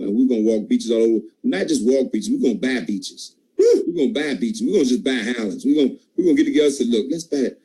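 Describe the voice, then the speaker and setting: A man's voice: dark tone, breathy edge, low-quality recording. A man giving an emphatic, preachy motivational pep talk to his sales team. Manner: emphatic, preachy, jumps in pitch. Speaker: team leader at a sales call.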